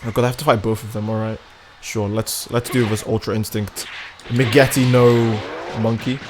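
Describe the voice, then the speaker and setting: A man live-streaming a game, chatting casually with his viewers and reacting loudly to the gameplay in a crude, animated way. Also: on the low side, a little fast, a little hiss or hum. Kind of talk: casual live-stream commentary while gaming.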